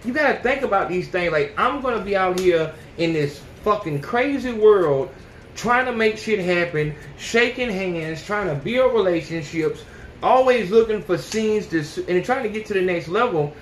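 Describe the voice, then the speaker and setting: A man hosts a podcast in a casual monologue. His voice sits fairly high, and he talks bluntly with constant cussing. The room is echoey, with a faint hiss behind him. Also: expressive, moderate pace. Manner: blunt and heavily profane, often says "you know what I'm saying". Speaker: podcast host.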